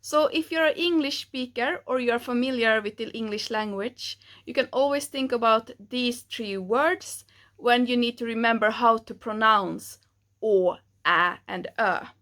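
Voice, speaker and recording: A woman teaching pronunciation, taking it slowly and patiently and modelling each sound for the learner to repeat. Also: on the high side, fairly bright tone. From Sweden. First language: Swedish. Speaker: language teacher. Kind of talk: pronunciation lesson.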